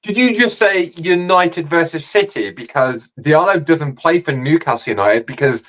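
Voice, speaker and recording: A man co-hosting a casual sports podcast, talking in a halting, teasing way with many restarts. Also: a little high, animated, a bit bright, low-quality recording. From United Kingdom. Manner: hesitant, repeats words, teasing. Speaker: podcast co-host.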